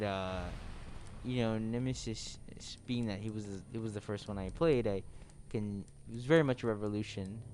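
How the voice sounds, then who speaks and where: A man's voice: fairly low pitch, darkish tone, a little hiss or hum. Chatty male game streamer. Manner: chatty, laughs often, rambling. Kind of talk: gameplay commentary livestream.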